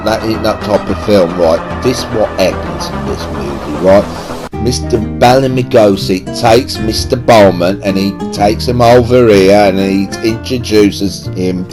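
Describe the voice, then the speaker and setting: A young man rambling through a casual film recap in a chatty, slangy way. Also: mid-range voice. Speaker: video creator.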